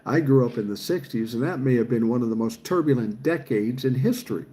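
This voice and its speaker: A man's voice: medium pitch, animated, brisk, warm tone, a little hiss or hum. A man, chatting casually on a livestream and reading viewer comments aloud, swearing freely. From Minnesota, USA. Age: 60s. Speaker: livestream host reading chat.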